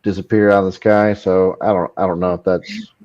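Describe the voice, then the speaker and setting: A man's voice: deep voice, flat delivery, brisk, a little mellow. A man in a casual podcast chat, hesitating and trailing off as he thinks. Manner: hesitant, trailing off mid-thought. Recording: dull lo-fi line.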